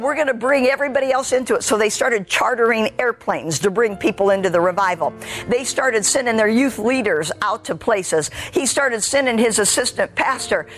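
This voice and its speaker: A woman preaching as a traveling revival evangelist, telling a testimony in a lively way, acting out quoted speech and speaking straight to the congregation. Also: mid-range voice. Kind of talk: sermon testimony.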